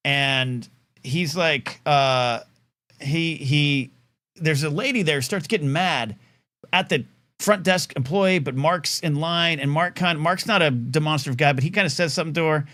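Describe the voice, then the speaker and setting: A middle-aged live talk show host, his voice a little high, spins a long, meandering story in a casual monologue. He's animated, keeps using fillers and restarting, and acts out the people he quotes.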